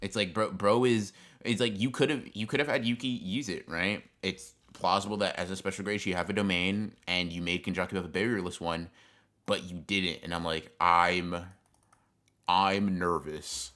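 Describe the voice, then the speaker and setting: A man with a very deep voice rambles through a casual stream chat. He talks loosely, with constant fillers and swearing. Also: steady tone, a little fast, fairly bright tone. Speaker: stream co-host.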